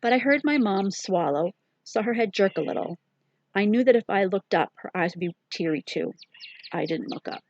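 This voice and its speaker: Husky woman narrating an audiobook. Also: medium pitch, animated, moderate pace, a little mellow, lo-fi sound. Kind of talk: scripted first-person narration.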